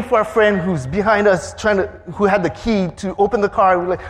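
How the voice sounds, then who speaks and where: A man's voice: high voice, fairly quick, few pauses. A man preaching a sermon, telling a story with acted-out sound effects and quoted voices. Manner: animated, acts out sounds and voices. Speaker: pastor.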